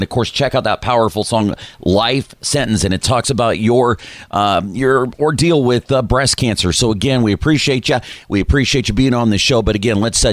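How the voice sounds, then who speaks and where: A man's voice: fairly low pitch, dry recording. A man hosting a radio interview, talking in an easygoing way with many fillers. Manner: easygoing, filler-heavy patter. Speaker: radio show host.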